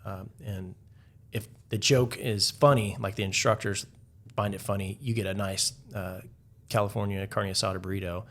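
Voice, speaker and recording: A man's voice: fairly low pitch, fairly even intonation, moderate pace, a bit bright. A man, a podcast guest, casually telling rambling stories, full of "like" and restarts. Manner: rambling, heavy use of "like". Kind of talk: casual storytelling.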